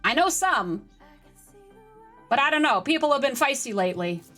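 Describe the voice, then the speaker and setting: A woman live-streaming a game, chatting with her viewers and getting excitable during play. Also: high voice, moderate pace, soft background music. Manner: chatty, excitable, talks to chat. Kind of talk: live-stream gaming chat.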